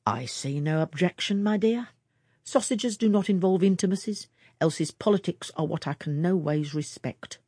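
A woman voicing a good-humoured husband who speaks calmly and teases a little. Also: fairly low pitch, moderate pace, breathy edge, no room sound, clean studio sound. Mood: easygoing.

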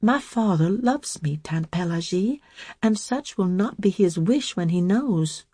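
A woman voicing a quiet, firm young woman in a storybook reading, speaking low but clearly. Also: animated, unhurried, no echo. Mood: earnest.

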